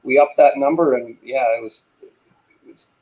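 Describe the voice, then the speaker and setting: A man's voice: mid-range voice, normal speed, muffled recording. A male guest in a casual live-stream chat, easygoing and hesitant, often chiming in to agree.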